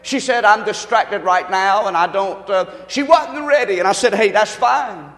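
A man's voice: high voice, moderate pace, a bit bright, big-room sound. A man preaching a sermon as pastor, telling a folksy story with emphatic delivery.

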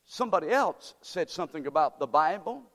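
Standing at the pulpit, this pastor fires rhetorical questions at the congregation in a fairly high, animated voice that runs a little fast and has a fairly bright tone. The sanctuary adds a long, echoing hall reverb.

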